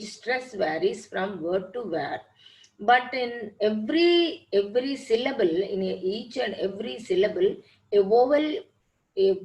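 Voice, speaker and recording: Woman teacher, unhurried lecturing delivery, spells out letters and repeats phrases. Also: medium pitch, low-quality recording. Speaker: English teacher. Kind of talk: classroom lecture over slides.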